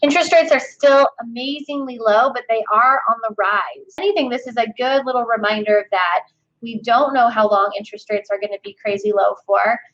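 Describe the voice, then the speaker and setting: A woman with a slightly high voice explains rates in an upbeat, matter-of-fact way. She speaks on a webinar panel. The video call audio is dull and lo-fi. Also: brisk, a bit bright. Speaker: mortgage lender guest.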